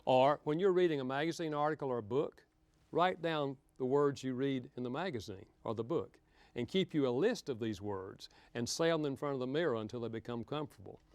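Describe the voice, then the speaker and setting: A man's voice: medium pitch, a little fast, no echo. An older man, giving a folksy, humorous talk on marriage to an audience. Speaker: speaker on marriage. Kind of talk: lecture to an audience.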